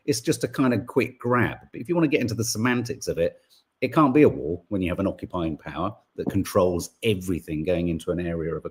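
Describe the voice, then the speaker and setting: A man's voice: on the low side, a little mellow, slightly rough. A middle-aged man, co-hosting an opinion podcast in a rambling, sarcastic, exasperated way full of fillers. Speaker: podcast co-host. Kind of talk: casual opinion podcast monologue.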